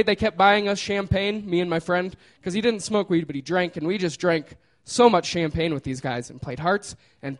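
A man's voice: high voice, fairly bright tone. A man casually telling a personal story, laughing often and trailing off with fillers.

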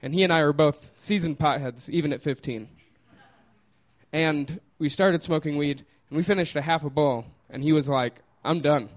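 Guy telling a wild story, laughs a lot, kinda high voice. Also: moderate pace. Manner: casual and laughing, with lots of fillers.

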